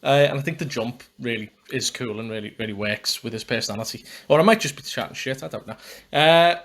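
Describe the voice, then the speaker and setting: A man's voice: medium pitch, fairly quick, fairly bright tone. A young man with a Scouse accent, hosting a solo podcast review in a rambling, self-mocking, chatty way. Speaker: podcast host.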